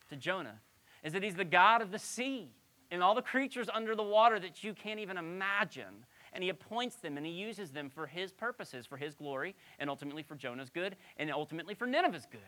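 Animated woman preaching a lively sermon. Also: lowish voice. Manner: conversational, animated Bible teaching with rhetorical questions. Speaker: pastor.

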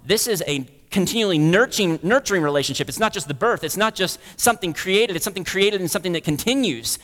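A man preaching a sermon as pastor, rising to loud stirring peaks and then dropping to a soft hush. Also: high voice, lively intonation, quick pace. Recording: long hall reverb.

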